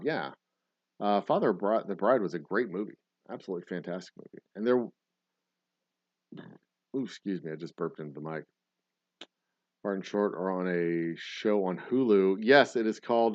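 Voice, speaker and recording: Male stream host, low voice, rambling and profane, dry dull lo-fi stream audio. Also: expressive, moderate pace, darkish tone, dry recording. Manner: rambling, profane, frequent self-corrections. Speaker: livestream host. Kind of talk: casual live-stream chat reacting to viewer comments.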